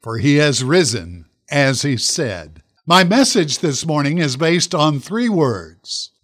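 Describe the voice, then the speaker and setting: Slow, deliberate male radio pastor. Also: fairly high pitch, fairly bright tone. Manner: slow, deliberate emphasis on key phrases. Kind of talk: radio sermon.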